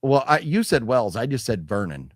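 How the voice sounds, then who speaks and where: A man chatting casually as co-host of a movie haul stream. His pitch swings all over the place as he rambles, restarts his sentences and swears freely. The voice sounds close and dry, with no room around it. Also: very animated, normal speed, no room sound. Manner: rambling, swears freely, reads product blurbs aloud; restarts sentences, hedging fillers. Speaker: co-host of a physical media haul show. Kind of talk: casual chat.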